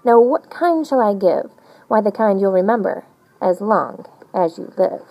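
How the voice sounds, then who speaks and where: A woman reads a rhyming picture book aloud in a bouncy, sing-song way. Her pitch rises and falls widely from line to line. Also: measured pace, vocal fry, muffled recording. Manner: animated, sing-song storytelling. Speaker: storybook reader.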